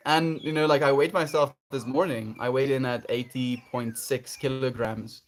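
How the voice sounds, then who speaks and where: A man's voice: mid-range voice, steady tone, normal speed, hardly any pauses. A man chatting casually on a livestream, reflective and earnest, laughing often as he answers his chat.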